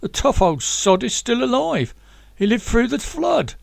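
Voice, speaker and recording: A man's voice: very high-pitched, big pitch swings, unhurried, vocal fry, no echo, voice pushed up, full character voice. A man voicing a scared, blustering thug with a London accent. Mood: panicked.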